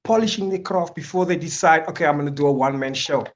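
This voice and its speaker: A man in his thirties hosts a podcast interview in a loose, casual way. His voice sits a little higher than most men's. He gushes openly with praise for his guest. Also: fast. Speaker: podcast host and comedian.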